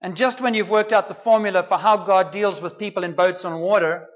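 A man's voice: high voice, fairly even intonation, a little fast, muffled recording. A man preaching a sermon in a conversational, humorous way, with playful asides to the congregation.

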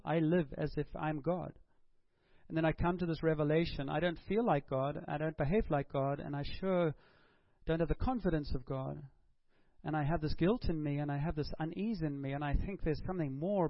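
A man's voice: on the high side, no echo, highs cut off. A man preaching a sermon, asking rhetorical questions and acting out prayers and dialogue.

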